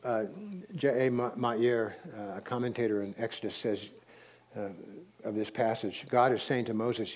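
A man preaching a sermon in a relaxed storytelling way, with sudden emphatic rises. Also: mid-range voice, moderate pace.

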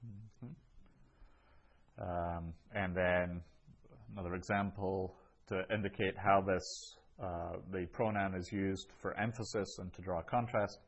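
A man's voice: deep voice, steady tone, a little slow, dull audio. A man teaching a language lesson, patiently repeating each phrase and explaining it step by step. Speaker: Greek teacher. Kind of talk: classroom lesson.

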